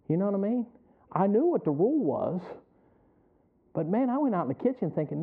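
A middle-aged male preacher with a fairly high voice delivers a chatty sermon. He chuckles as he goes and keeps calling out to the congregation for an answer. The sound is thin and tinny, like it came down a phone line. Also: very animated, moderate pace, long pauses, breathy edge. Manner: conversational, chuckling, asks the congregation for responses.

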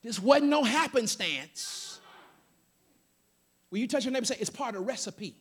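A man's voice: extremely high pitch, animated, moderate pace, breathy edge. A man preaching a sermon to a congregation, calling out to them and joking in asides. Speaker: pastor. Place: church sanctuary.

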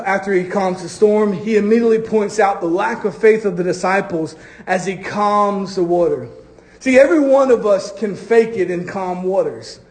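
High-voiced man preaching a sermon. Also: darkish tone. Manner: preaching with drawn-out emphatic phrases and acted quotes. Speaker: pastor. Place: church.

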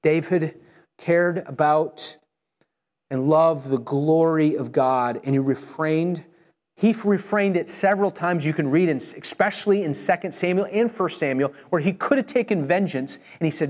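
A man preaching a sermon, earnest, slowing down and softening his voice when he voices prayers. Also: fairly high pitch. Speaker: pastor.

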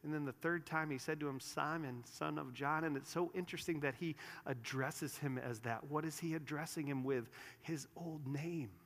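A man preaching a sermon in a church, earnest, rising to emphatic peaks and dropping to quiet, soft lines. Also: a little high, normal speed. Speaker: pastor. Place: church sanctuary. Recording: long reverb of a large room.

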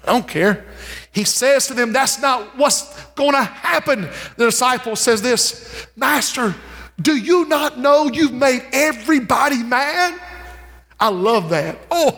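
A high, ringing male voice preaches in a church sanctuary, his sound trailing off in a long hall reverb. He swings from slow, drawn-out lines to quick bursts and calls out to the congregation. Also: a bit bright. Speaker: pastor. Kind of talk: sermon.

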